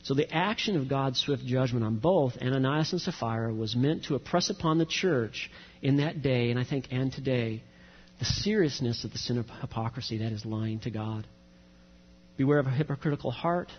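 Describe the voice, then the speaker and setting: A man's voice: mid-range voice, moderate pace, slightly rough. A middle-aged man preaching a sermon as pastor, earnest and direct, mixing scripture reading with personal stories. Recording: dull recording with long hall reverb.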